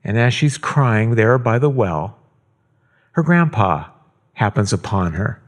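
A middle-aged pastor tells a story during a sermon in a lowish voice with lively intonation. He speaks slowly and emphatically, repeating phrases to give them weight.

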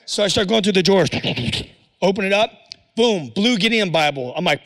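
A man's voice: high-pitched, lively intonation, a little fast, a bit bright, long reverb tail. A man telling his personal testimony to an audience in a casual, slangy storytelling way. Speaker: speaker giving a personal testimony.

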